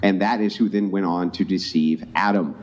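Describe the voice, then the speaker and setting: A man's voice: sits low, steady tone, normal speed, darkish tone. A man reading Bible verses aloud and pressing his point in an insistent, lecturing debate. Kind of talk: confrontational debate.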